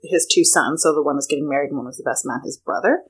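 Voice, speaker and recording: A woman's voice: sits low, fast talker, husky. A woman wedding planner co-hosting a podcast, telling stories in casual chat with many fillers. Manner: chatty storyteller, many fillers like "like".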